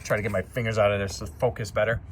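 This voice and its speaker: An American RV repair vlogger chats casually while fixing an RV outdoors for a how-to vlog, rambling and often correcting himself. His lowish voice is level in tone, he talks at a racing speed, and there's slight background noise.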